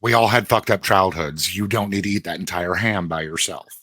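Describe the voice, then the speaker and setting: A man's voice: deep voice, a little fast, sharp tone, no echo. A man co-hosting a podcast in casual chat, blunt and joking, swearing freely. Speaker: podcast co-host.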